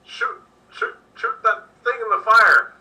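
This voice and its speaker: A man voicing a big, gruff-voiced male adventurer who yells urgent commands. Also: very high voice, fast talker, recorded from a distance, voice pushed up, heavily acted. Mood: urgent shouting. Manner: yelling commands.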